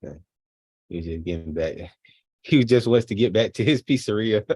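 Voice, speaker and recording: A man casually commenting on a video he is watching, relaxed and chuckling often. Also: fairly low pitch, normal speed, slightly rough, dry recording. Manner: laid-back, chuckling often. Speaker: streamer reacting to a video.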